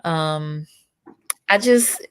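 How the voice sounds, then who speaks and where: A woman's voice: sits low, lively intonation, drawn-out words, clear, resonant tone. A middle-aged woman hosting a talk show, reading out viewer comments and responding with empathy. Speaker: host. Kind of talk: casual talk show conversation.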